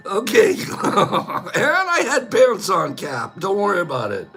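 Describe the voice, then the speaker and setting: A man's voice: high voice, creaky. An older man hosting a casual live-stream chat, telling stories and laughing often as he acts out the people in them. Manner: chatty, laughs often, tells stories with animated quoting. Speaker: vlog host.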